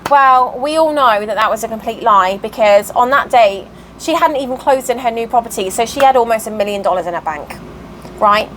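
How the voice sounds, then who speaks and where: Woman, high bright voice, casual vlog rant with faint hiss behind. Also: fairly quick, low-quality recording. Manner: animated, exasperated, acts out quoted voices. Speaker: cross-stitch vlogger. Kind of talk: casual storytelling monologue.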